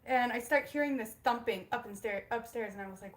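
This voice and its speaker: A woman's voice: a little high, fast, hardly any pauses. A young woman hosting a casual spiritual livestream from home, bubbly and giggly as she greets viewers by name. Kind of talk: casual live-stream chat.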